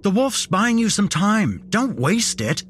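A man shouting as a desperate man fighting for his life. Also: big pitch swings, slow, a little hiss or hum, exaggerated voice. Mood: urgent. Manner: shouted, high and strained.

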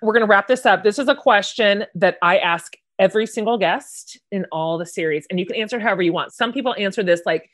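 A woman hosting a podcast interview, upbeat and quick to laugh. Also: medium pitch, fairly bright tone. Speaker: podcast host. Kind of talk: casual chat.

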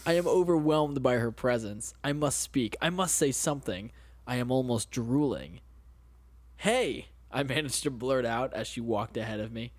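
A man's voice: medium pitch, normal speed. A man co-hosting a podcast, reading a story aloud with quips and laughter. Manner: joking, interrupting with quips and laughs. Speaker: podcast co-host. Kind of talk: comedic reading of a story with commentary.

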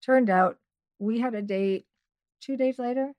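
A woman's voice: a little high, unhurried, no room sound, dull audio. A middle-aged woman, a podcast guest, telling a personal story in a chatty way with many asides and restarts. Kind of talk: casual storytelling.

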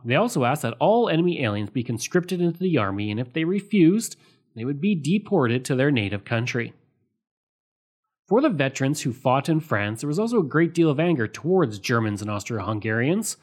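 A man with a middle-pitched voice narrates a history episode from a script. His reading is steady and measured, and he marks each quoted source aloud with "quote" and "end quote". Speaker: history podcast host.

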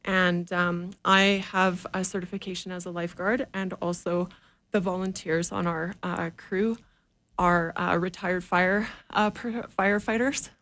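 Earnest woman guest explaining calmly. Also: lowish voice, measured pace. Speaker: guest, dog owner. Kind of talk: radio interview answers. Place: radio studio.

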